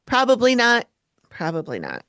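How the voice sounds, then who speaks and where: A woman co-hosting a podcast, recapping a TV episode in casual chat and jumping in pitch when she quotes people. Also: huge pitch swings, normal speed, creaky, fairly bright tone, clean tone, dry recording, studio quality. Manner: chatty, quotes people with sudden pitch jumps. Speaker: podcast co-host.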